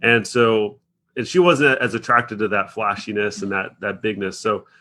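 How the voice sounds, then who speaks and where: A man's voice: on the low side, normal speed, pushed and bright. A man talking as a podcast guest in casual chat, rambling and restarting his phrases.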